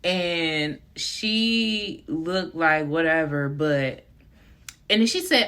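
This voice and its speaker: Bright-voiced young woman telling a story. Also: sits low, drawn-out words. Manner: chatty, frequent fillers, addresses viewers as y'all. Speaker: vlogger. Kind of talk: casual storytime monologue.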